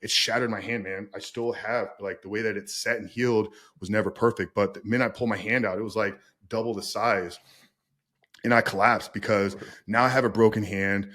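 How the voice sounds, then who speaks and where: Male guest, lower voice, candid storyteller, conversational and sincere. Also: fairly quick, fairly bright tone. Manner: earnest, says "man" often, repeats words when starting thoughts. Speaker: podcast guest, recovery coach.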